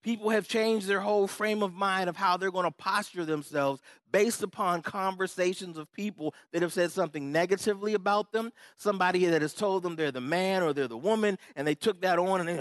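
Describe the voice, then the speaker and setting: Male pastor, high voice, dry close sound, emphatic repetitive preaching style. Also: a little fast, hardly any pauses, fairly bright tone, no echo. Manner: conversational preaching with audience check-ins. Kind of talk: sermon.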